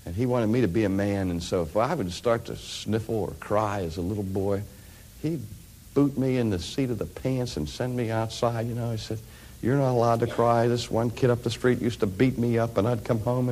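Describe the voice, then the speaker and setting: A middle-aged man with a lowish voice preaches a sermon, telling stories as he swings from hushed, quiet phrases up to loud, rising climaxes.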